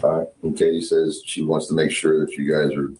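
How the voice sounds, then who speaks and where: A man's voice: extremely low pitch, flat delivery, fairly quick, darkish tone. A male interviewer asking methodical questions and restating answers to pin down the details. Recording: roomy with faint hiss.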